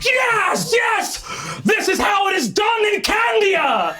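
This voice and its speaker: A man voicing an excitable, shouting male warrior in a tabletop game. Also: slow pace, heavily acted. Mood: triumphant. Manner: shouting, high and frantic.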